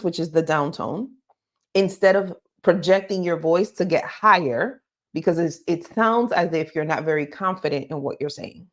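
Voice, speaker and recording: A woman giving live career advice, emphatic and talking straight to her listeners, often checking in with "okay?". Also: fairly low pitch. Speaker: career coach.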